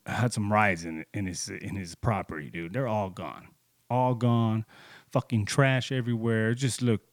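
A man in his thirties telling a personal story in casual, profane speech, getting heated and jumping into higher voices when he quotes people. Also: no room sound, clean studio sound.

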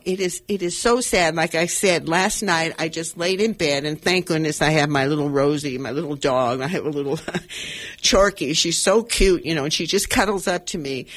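An older woman hosting a radio talk show delivers impassioned commentary with earnest, emotional conviction, rambling and restarting her sentences. Her voice is lowish and a bit bright.

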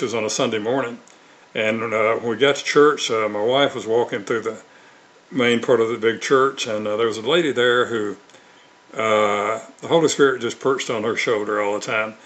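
In an interview, an older Mississippi-born author and evangelist earnestly recounts stories, often using fillers and restarting sentences. He has a medium-pitched voice with a fairly bright tone.

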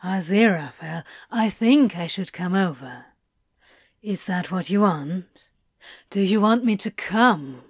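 A woman voicing a calm, teasing male demon with a rich, smooth voice and an unhurried, coaxing way of talking. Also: medium pitch, no echo, studio quality, full character voice.

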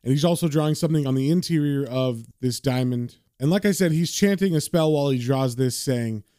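A man's voice: mid-range voice, a little fast, dark tone, no room sound, studio quality. A man casually retelling and reading a comic book aloud as host, with conversational fillers.

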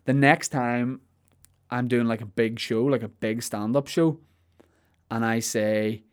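A man's voice: medium pitch, steady tone, takes it slowly, clear, resonant tone. A man, a comedian riffing playfully through a podcast monologue with plenty of swearing.

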